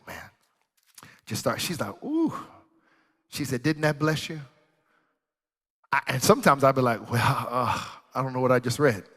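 A man preaching and telling a story, animated, swinging from loud bursts to hushed tones. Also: medium pitch. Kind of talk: sermon storytelling. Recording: long reverb in a large hall.

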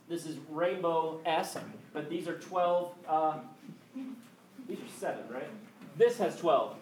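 High-voiced animated man preaching. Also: a little hiss or hum. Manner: animated, conversational preaching with quick jokes. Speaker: pastor. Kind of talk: sermon. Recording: echoey hall with faint ambience.

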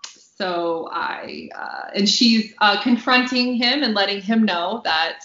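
A woman author reading a passage from her own novel aloud on a podcast, bubbly and quick to laugh between lines. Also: mid-range voice, bright, forceful tone, roomy sound, muffled recording. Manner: bubbly, laughs often, reads with dry punchy delivery.

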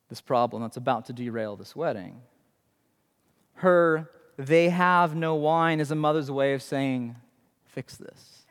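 A man preaching a sermon as a pastor, animated and conversational, asking his listeners questions. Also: medium pitch, big-room sound.

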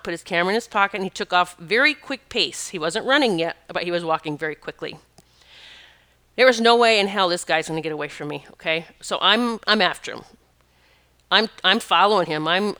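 Bright, crisp-voiced woman telling a story. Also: fairly low pitch. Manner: rambling, self-correcting, lively retelling. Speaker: podcast host. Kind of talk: casual personal storytelling.

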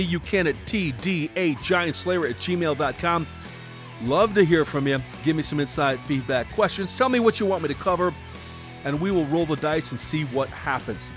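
A middle-aged man, a pastor, preaching a podcast sermon in an energetic, emphatic way with sudden rises. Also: fairly high pitch.

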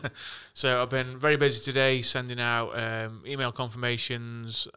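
A man's voice: medium pitch, level tone, moderate pace, pushed and bright, smooth. A man organising an event, chatting casually and hesitantly, with many ums. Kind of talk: casual chat.

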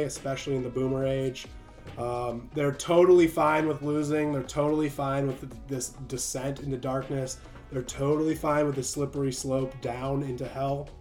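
Guy ranting sarcastically, mid pitch, lil music under it. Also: darkish tone. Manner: sarcastic, mocking, laughs often. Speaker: commentator. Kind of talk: opinion commentary monologue.

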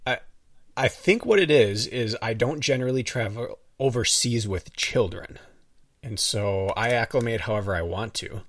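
A man's voice: mid-range voice, normal speed, no echo, distant mic. A man with an Upper Midwest American accent co-hosting a podcast, rambling and laughing in casual chat. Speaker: podcast co-host. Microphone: headphones and remote mic.

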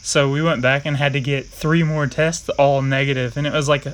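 A young man chatting casually, an animated storyteller who swears freely, with background hiss on the recording. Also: mid-range voice, moderate pace, rough recording. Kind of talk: casual chat.

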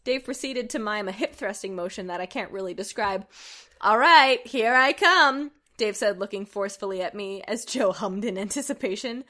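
A woman's voice: mid-range voice, fairly quick, hardly any pauses. A woman co-hosting a comedy podcast, reading a story aloud and laughing as she goes. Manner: giggly, breaks into laughter while reading. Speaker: podcast co-host reading fan fiction.

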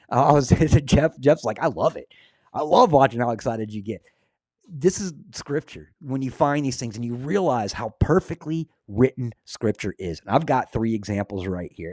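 Excitable man preaching casually. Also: medium pitch, dry recording, studio quality. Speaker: host. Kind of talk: casual religious commentary.

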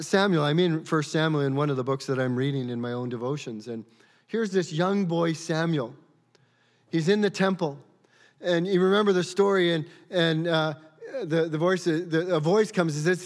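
A man's voice: fairly high pitch, normal speed. A man preaching a sermon in an earnest, questioning way, often stumbling and repeating words as he thinks aloud. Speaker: pastor. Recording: long reverb of a large hall.

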